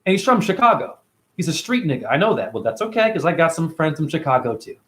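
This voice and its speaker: A man's voice: on the high side, sing-song, quick pace, a bit bright. A man hosting a casual livestream, talking animatedly and profanely and answering viewers by name. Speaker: livestream host reading chat.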